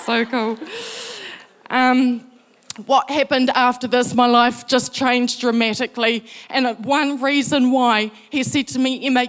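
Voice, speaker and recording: A woman telling a personal faith testimony, acting out the voices she quotes. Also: fairly high pitch. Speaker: speaker sharing faith story.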